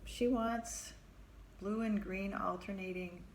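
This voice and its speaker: A therapist telling a personal story in a vivid, conversational way, acting out the voices of the people in it. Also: female voice, mid-range voice, steady tone, slow pace, slight background noise.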